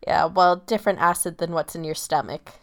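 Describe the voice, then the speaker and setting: A woman co-hosting a travel podcast in casual chat, delivering absurd jokes in a dry, deadpan way. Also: fairly low pitch, fairly quick. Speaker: podcast co-host.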